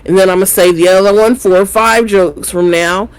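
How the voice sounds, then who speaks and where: A man co-hosting a relaxed review chat, with a mid-range voice. He talks animatedly, repeating and rephrasing his points to drive them home. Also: high voice, normal speed, clear, resonant tone, poor audio. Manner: animated, explaining with repetition. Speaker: podcast co-host.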